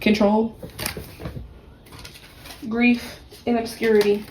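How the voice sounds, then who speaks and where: A woman's voice: medium pitch, moderate pace, mellow, slight background noise, poor audio. A woman giving a casual tarot reading, blunt and profane, with sassy, mocking asides. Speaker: tarot reader.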